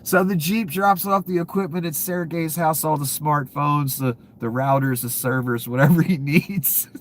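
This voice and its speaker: A man's voice: on the high side, moderate pace, few pauses, a little hiss or hum. Sarcastic ranting man. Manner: ranting, sarcastic, laughs at his own jokes. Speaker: political commentator. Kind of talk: casual profane commentary.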